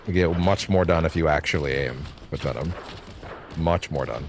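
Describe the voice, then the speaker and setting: A man's voice: very deep voice, normal speed, crowd noise. A man streaming a video game, rambling casually and swearing at his mistakes. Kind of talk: live gameplay commentary. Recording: game music clearly behind. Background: game music.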